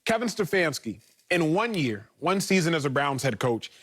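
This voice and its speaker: A man's voice: on the high side, big pitch swings, moderate pace, a bit bright. A man co-hosting a sports talk show, building his argument in a playful, persuasive way. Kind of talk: sports debate.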